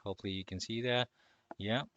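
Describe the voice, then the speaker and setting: Low-voiced man teaching casually. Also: quick pace, muffled recording, a little hiss or hum. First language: not Spanish. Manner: relaxed, many fillers, chuckles often. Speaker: language teacher. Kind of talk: casual online lesson.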